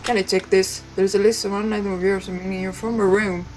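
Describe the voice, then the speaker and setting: A woman's voice: mid-range voice, level tone, fast, a little mellow, slight background noise. A woman, a native Italian speaker, playing a text game and reading its lines aloud with chatty, playful asides. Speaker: let's play streamer.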